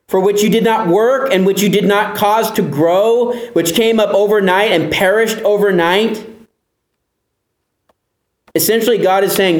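A man's voice: high voice, echoey room. A man preaching a sermon as pastor, emphatic, asking the listeners pointed rhetorical questions.

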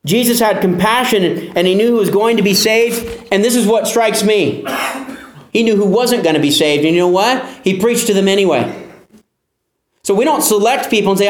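A man's voice: sits high, animated, normal speed, reverberant. A man preaching a sermon as pastor, emphatic, asking the listeners pointed rhetorical questions.

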